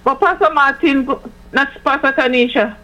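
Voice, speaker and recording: A Jamaican woman with a high, bright-pitched voice chats with a friend. She teases and insists, mixing patois in as she talks. Her tone is easygoing and conversational. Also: normal speed, rough recording. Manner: teasing, insistent, mixes patois into speech. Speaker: church member. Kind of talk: casual chat between friends.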